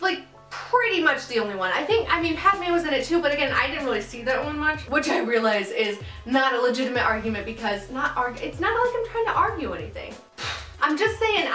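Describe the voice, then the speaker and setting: A woman's voice: sits high, pushed and bright. A young woman vlogging in casual chat to camera, giggling often and filling her talk with "like" and "um". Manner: chatty, giggly, many fillers. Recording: echoey room, mic at a distance, music underneath.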